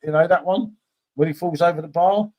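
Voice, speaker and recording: An English man chatting casually over beers, talking fast and swearing now and then. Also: a little high, darkish tone, no echo.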